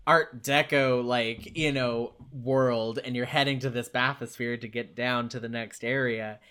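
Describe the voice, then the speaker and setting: A man's voice: medium pitch, a little slow, clean tone. A man in casual conversation, animatedly retelling moments from a video game and laughing as he talks. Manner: animated storytelling, laughs while talking.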